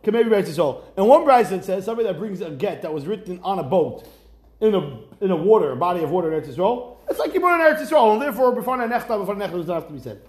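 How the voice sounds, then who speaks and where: Animated high-voiced rabbi teaching Talmud. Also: male voice, very fast, roomy sound. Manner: lively, questioning, mixes Hebrew-Aramaic terms into English. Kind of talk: Talmud class lecture.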